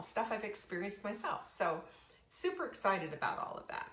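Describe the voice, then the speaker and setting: A woman's voice: fairly high pitch, sing-song, fairly quick, a bit bright. A middle-aged woman hosting a live show, talking in a bubbly, enthusiastic, chatty way with many restarts. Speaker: host. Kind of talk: live show, casual talk. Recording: roomy echo.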